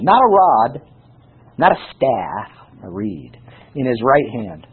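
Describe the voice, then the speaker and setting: A man preaching a sermon and teaching from scripture, with animated delivery and frequent rhetorical questions to his listeners. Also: mid-range voice, breathy edge. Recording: tinny phone-like sound.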